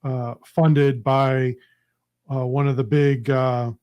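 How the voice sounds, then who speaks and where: Guy hosting a podcast, talks real slow, lots of uhs and ums. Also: medium pitch, flat delivery, clean tone, highs cut off. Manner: slow, hesitant, many fillers. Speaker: podcast host. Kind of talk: interview.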